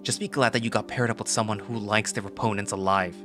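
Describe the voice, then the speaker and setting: A man voicing a huge, gruff male dinosaur fighting champion, grumbling in a low, urgent tone. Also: fairly even intonation, quick pace, natural voice. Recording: voice over loud background music.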